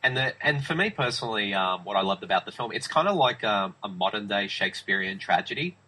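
A man's voice: lowish voice, animated, fast talker, pushed and bright, slightly rough, rough recording. A man talking films in a casual review chat, enthusiastic and emphatic, often restarting his sentences. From Australia. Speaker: film review podcast host.

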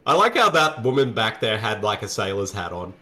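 A man's voice: fairly low pitch, brisk. A man co-hosting a casual movie commentary, joking and reacting to what is on screen. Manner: jokey and animated. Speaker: co-host.

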